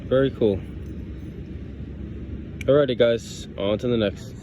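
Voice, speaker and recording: Taking things slowly in a mid-range voice, a man from New York records a vlog while metal detecting in a grassy outdoor yard. The highs are cut off and there's background noise as he chats casually, muses over each find, and keeps addressing viewers as "guys."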